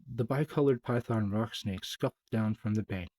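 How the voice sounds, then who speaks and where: A man reads a children's story aloud, measured and gently dramatic, and drops softer for the asides. His voice is husky and mellow. The recording is dry and close. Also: on the low side, no echo, rough recording.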